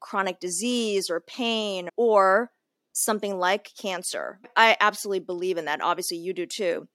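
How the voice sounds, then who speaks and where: A woman hosts a conversational interview, affirming her guest and reflecting on what she hears. Her voice sits at a middle pitch and the sound is dry and close. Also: moderate pace, no room sound. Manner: affirming, reflective, many soft "mm" responses. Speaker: podcast host.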